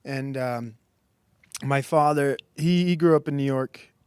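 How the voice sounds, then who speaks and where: A man's voice: medium pitch, measured pace, a little mellow, clean tone, dry recording. A man streaming a casual monologue who rambles and halts, with many fillers and restarts.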